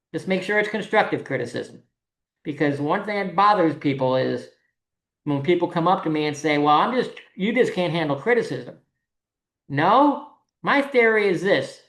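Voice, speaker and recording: Blunt, swearing podcast host in an echoey room. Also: mid-range voice. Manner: blunt, profane, ranting. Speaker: singles event organizer, podcast host. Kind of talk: casual podcast monologue. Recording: roomy echo.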